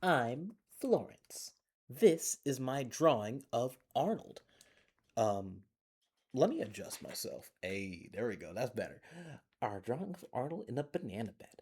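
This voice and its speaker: Playful, lively male storytime reader. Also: mid-range voice, unhurried, husky. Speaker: children's librarian. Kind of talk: reading a picture book aloud to children. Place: closed public library. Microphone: phone.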